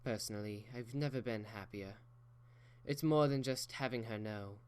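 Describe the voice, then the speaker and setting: A man's voice: fairly low pitch, moderate pace, a little mellow, a little hiss or hum, close to an everyday voice. A man voicing an elegant, proper unicorn mare who speaks in a genteel, theatrical way. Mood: breezy.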